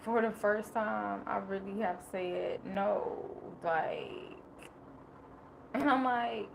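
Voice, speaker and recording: A woman's voice: mid-range voice, steady tone, slow pace, gravelly, background noise. Emotional, rambling woman on a livestream. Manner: emotional, rambling, laughs often. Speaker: livestream host. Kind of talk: casual personal livestream talk.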